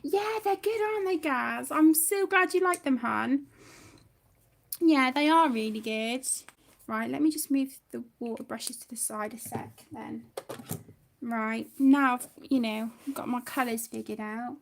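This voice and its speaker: A woman's voice: sits high, unhurried, creaky. A woman hosting a chatty craft livestream from home, a little flustered, talking to herself as she works and greeting viewers fondly as sweetheart. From United Kingdom. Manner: flustered, talks to herself while working, calls viewers sweetheart. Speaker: livestream host.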